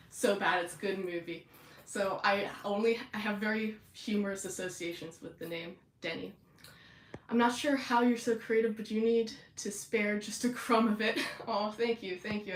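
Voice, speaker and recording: A woman's voice: medium pitch, reverberant. A young woman hosting a casual chat, bubbly and giggly, with lots of fillers. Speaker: podcast host.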